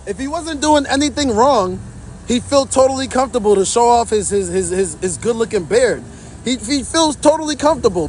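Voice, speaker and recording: A man's voice: extremely high pitch, a little hiss or hum. A man livestreaming outdoors from his phone, indignantly commenting to his chat in a repetitive way.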